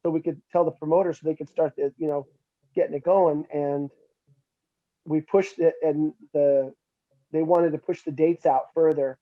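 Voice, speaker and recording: A man's voice: a little high, normal speed, narrow, tinny audio. A middle-aged man telling stories casually as an interview guest, animatedly acting out what others said. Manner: animated, acts out quotes with raised voice. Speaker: interview guest, metal musician. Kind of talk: casual storytelling.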